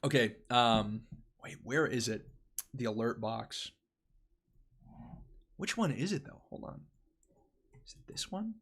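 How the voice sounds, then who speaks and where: A man's voice: mid-range voice, big pitch swings, takes it slowly, long pauses, fairly bright tone, breathy edge. A young man hosting a casual live stream, rambling and restarting his phrases as he talks to his chat.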